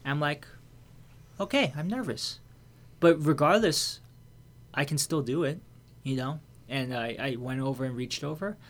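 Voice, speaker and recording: An American man tells a personal story in a loose, conversational way. He swears freely and keeps restarting his sentences with fillers. His voice sits at an ordinary mid pitch. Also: fairly even intonation, moderate pace. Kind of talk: casual storytelling.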